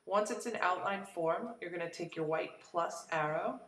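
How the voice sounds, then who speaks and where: A woman teacher talks a class through a lesson in a relaxed, explanatory way, pausing on ums and uhs. Her lowish voice has a gravelly edge. She sounds set back from the mic in an echoey room. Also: far from the mic. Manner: relaxed, explanatory, with frequent fillers.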